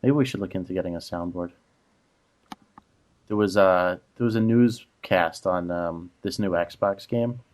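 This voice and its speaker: A man's voice: sits low, measured pace, a little mellow. A man co-hosting a casual podcast, telling exasperated stories about rude strangers, full of "like" fillers. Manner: exasperated storytelling, many "like" fillers. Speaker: podcast co-host.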